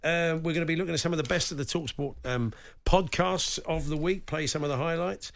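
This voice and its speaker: A man hosting a radio sports show, chatting in a wry, teasing way with lively emphasis. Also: a little high, a little fast, vocal fry. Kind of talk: casual studio chat.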